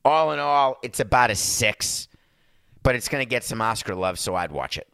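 A man with a bright, forceful voice hosts a podcast in loose, casual chat. He rambles sarcastically and calls his listeners folks. His voice sits dry and close on a studio mic. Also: on the low side, expressive, moderate pace, clear, resonant tone, no room sound. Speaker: podcast host. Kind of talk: casual chat and movie review.

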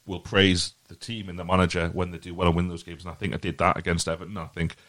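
Low-voiced man hosting a football podcast. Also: level tone, quick pace, fairly bright tone, dry recording. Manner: rambling, repeats words, earnest opinion. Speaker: podcast host. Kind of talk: casual football podcast chat.

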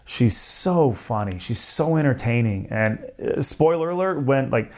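A man's voice: mid-range voice, expressive, measured pace. A man being interviewed, talking in an earnest, reflective way and often breaking off mid-sentence to restart. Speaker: interview guest. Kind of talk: casual interview chat.

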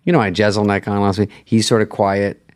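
A man's voice: lowish voice, fast talker, no room sound, clean studio sound. A middle-aged man on a podcast, chatting casually and acting out quotes as he tells stories. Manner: animated storytelling, acts out quotes. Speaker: late-night host, guest.

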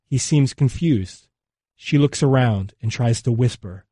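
A man reading scripted documentary narration in a measured, somber and unhurried way, recorded close on a studio mic. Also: mid-range voice, warm tone, dry recording.

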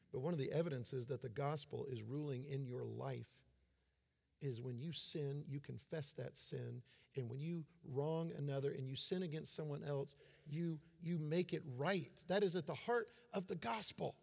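A man's voice: a little high, normal speed, gravelly, a little mellow, breathy edge. A man in his forties giving a sermon as a pastor, conversational and self-deprecating in his humor. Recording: long hall reverb.

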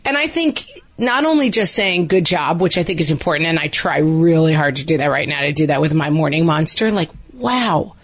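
A woman's voice: low-pitched, expressive, a little fast. A middle-aged woman co-hosting a podcast, talking casually with many "like" fillers and acting out quoted dialogue. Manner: chatty, lots of "like" fillers, acts out quoted dialogue. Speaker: podcast co-host. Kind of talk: casual chat.

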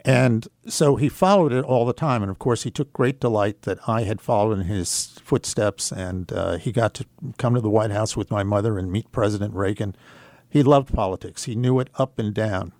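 An older man with a low-pitched voice tells a personal story on talk radio. He speaks in a measured, reflective way, pausing and hesitating as he goes. The sound is close and dry. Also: a little mellow, dry recording. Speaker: radio guest.

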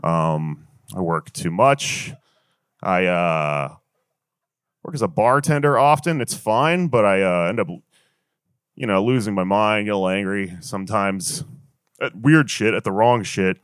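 A man's voice: fairly low pitch, animated, a little slow, fairly bright tone, clear, resonant tone, no room sound. A young man doing a stand-up comedy set, rambling and swearing through an exasperated rant on a handheld stage mic.

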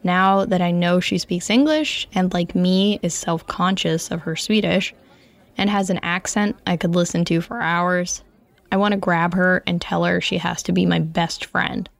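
Brief: woman narrating her story, reflective, evenly read, gravelly fry at phrase ends. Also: on the low side, fairly even intonation, unhurried. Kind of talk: scripted first-person story narration.

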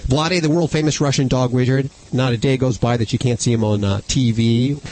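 A man's voice: mid-range voice, fairly even intonation, fairly quick, a little mellow, poor audio. Radio host guy, breezy and self-mocking, introducing the crew.

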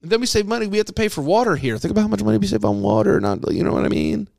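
A man hosting a comedy podcast, rambling playfully with plenty of swearing and now and then dropping to a hushed voice. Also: sits high, sing-song, racing, vocal fry, no room sound, studio quality. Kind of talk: improvised comic singing and rambling chat.

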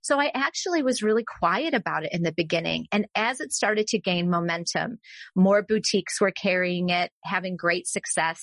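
A woman's voice: mid-range voice, a bit bright, no echo. A woman candidly telling how she started her business, in a casual storytelling way. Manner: candid, self-deprecating. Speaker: business founder.

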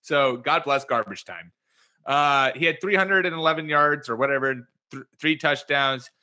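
Bright-voiced, animated podcast host man. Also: medium pitch. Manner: animated and joking, with quick excited bursts. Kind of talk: fantasy football podcast chat.

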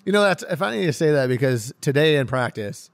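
Excitable, laughing young man, smooth voice. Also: mid-range voice, fairly quick, no room sound. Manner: excitable, laughs often, rambling with restarts. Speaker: pro hockey player guest. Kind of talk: casual interview chat.

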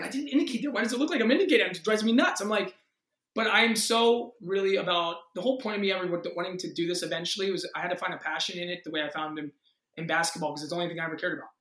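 A man in his thirties, an actor, telling a story in a casual interview with excited energy, acting out quotes and swearing freely. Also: high voice, reverberant. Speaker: actor guest.

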